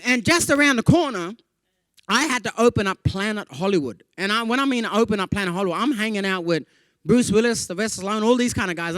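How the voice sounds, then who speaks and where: An Australian man with a fairly high voice delivers a stand-up style keynote, bouncing his delivery around as he acts out everyone in his anecdotes. He keeps checking in with the crowd with little "yeah?" tags, and the sound is dry and close. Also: dry recording. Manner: animated, jumpy delivery with playful voices for quoted people; chatty, with frequent "yeah?" and "you know" tags. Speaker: comedian giving a conference keynote. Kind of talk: stand-up comedy storytelling to a live audience.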